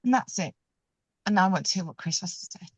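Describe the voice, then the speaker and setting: A woman on a book club video call from a parked car, chatty and expressive. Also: on the low side, quick pace, breathy edge, dry recording. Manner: chatty and expressive, animated when telling anecdotes. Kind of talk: casual group video call discussion.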